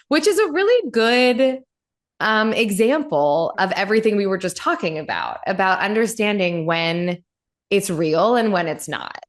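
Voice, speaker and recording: A woman's voice: mid-range voice, expressive, moderate pace. A woman hosting a podcast, talking candidly in a casual, rambling way and saying "like" often. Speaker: podcast host. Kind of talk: casual chat.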